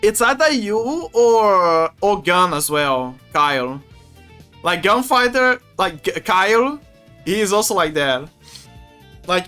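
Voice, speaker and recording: A man streaming, chatting casually in a rambling, animated way with frequent restarts and laughs. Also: high voice, takes it slowly. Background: faint music.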